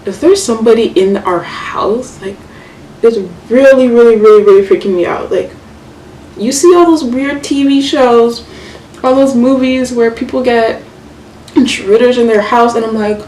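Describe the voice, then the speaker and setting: A young woman vlogger telling a story casually while doing her makeup, chatty and animated, full of fillers and swearing. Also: a little high, normal speed. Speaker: beauty vlogger. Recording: echoey room, mic far off, faint hiss.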